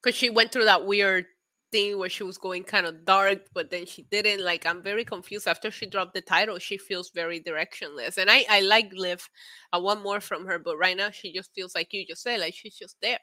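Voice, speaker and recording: A woman's voice: medium pitch, fairly even intonation, moderate pace, pushed and bright, no room sound. A woman co-hosting a casual wrestling talk show, blunt and opinionated, often laughing. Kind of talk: casual podcast chat.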